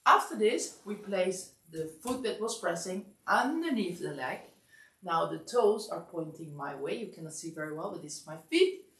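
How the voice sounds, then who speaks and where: Woman massage teacher, sleepy, lively sing-song counting, gravelly low voice, roomy distant sound. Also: moderate pace. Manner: calm step-by-step guidance, counting aloud. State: sleepy, yawning. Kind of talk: instructional class demonstration. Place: massage studio.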